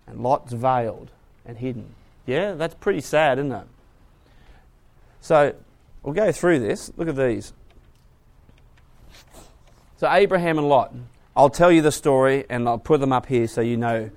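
A man preaching to a class, asking the audience questions and moving between hushed asides and loud emphasis. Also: mid-range voice, lively intonation, normal speed, long pauses. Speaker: preacher teaching a Bible class. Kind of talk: sermon.

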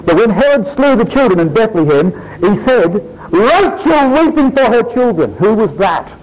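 A male preacher delivering a sermon to his congregation, fervent and rising high when quoting scripture. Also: very animated, normal speed, poor audio.

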